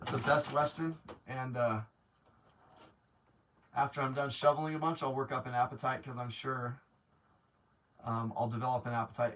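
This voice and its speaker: A man's voice: mid-range voice, fairly bright tone, recorded from a distance. A man hosting a casual live stream, chatting to viewers, rambling with many restarts and growing openly grateful. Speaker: livestream host.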